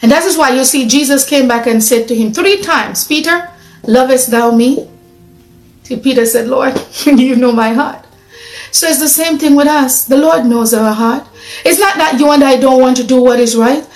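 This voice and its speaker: A woman's voice: high voice, brisk, soft background music. Earnest woman preaching in an echoey room. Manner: earnest, conversational, rhetorical questions. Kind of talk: sermon.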